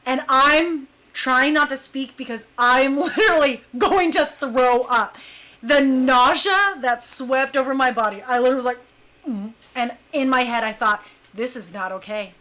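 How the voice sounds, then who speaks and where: Brief: young woman, high bright voice, lively casual storyteller who hushes for quoted lines. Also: moderate pace. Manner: animated, acts out quotes in hushed voice. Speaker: dancer telling a story.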